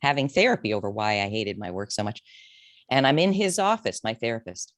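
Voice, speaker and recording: A woman's voice: very animated, quick pace, dry recording, clean studio sound. A woman in her fifties, a career coach telling her story candidly and emotionally in an interview. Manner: candid, emotional, wide swings in pitch.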